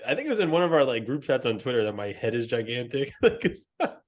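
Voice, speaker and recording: A man co-hosting a casual chat, his pitch swinging up and down as he jokes and reacts. He is excitable, breaks into laughter often and curses without a second thought. His voice sits at a middling pitch. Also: quick pace. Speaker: co-host.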